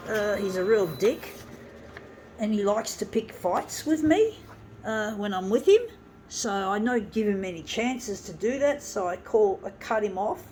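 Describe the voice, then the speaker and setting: A woman talking to camera in a casual monologue, blunt and swearing freely, with halting restarts. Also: mid-range voice, darkish tone, a little hiss or hum. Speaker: vlogger.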